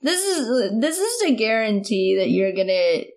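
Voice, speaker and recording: A woman's voice: fairly high pitch, sing-song, unhurried, a little mellow. A woman hosting a podcast in casual chat, sarcastic and laughing often. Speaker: podcast host.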